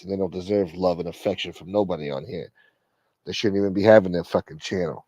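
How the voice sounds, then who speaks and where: A man hosting a mock church livestream, brash and profane, dropping to a mumble and then bursting out loud. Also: low voice, dry recording. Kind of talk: casual comedic livestream banter.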